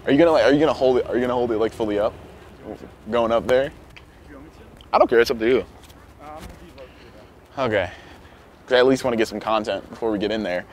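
A man's voice: medium pitch, fast, pauses often, a little hiss or hum. A young man hosting a prank video, talking casually and pleading in a playful, provocative way.

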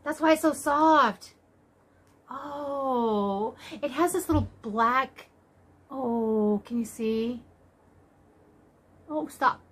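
High-voiced gushing woman with a lilt. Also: very slow, pauses often, husky. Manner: gushing, exclaims often, voice jumps high with excitement. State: tired after work. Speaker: crochet vlogger. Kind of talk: casual unboxing chat.

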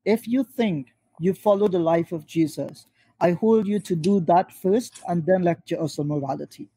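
A man on a video call, pressing his points quickly in a debate and addressing his opponent by name. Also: high voice, warm tone, slightly rough, no echo, low-quality recording. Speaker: Muslim panelist in a debate.

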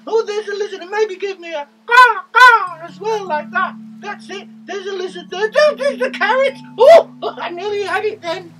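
A man voicing an excitable young male rabbit puppet who loves carrots and fears foxes, reading a children's story with sound effects and cheers. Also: moderate pace, few pauses, far from the mic, slight background noise, rough recording. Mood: excited. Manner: squeaky, bouncy, full of sound effects and cheers.

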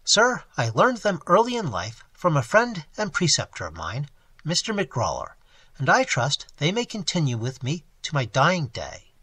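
Man playing a flattering young gentleman, theatrical, fervent, breathy, bright. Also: on the high side, normal speed, dry recording, exaggerated voice. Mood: earnest. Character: smooth-talking young man feigning pious fervour.

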